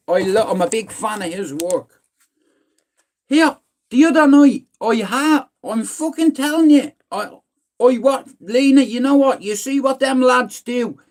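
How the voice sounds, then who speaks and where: Man, Dublin Irish accent, middle-aged, livestream host, rambling, sweary, higher-pitched. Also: a little mellow. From Ireland. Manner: rambling, blunt and sweary, repeatedly saying "listen". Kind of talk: casual livestream chat.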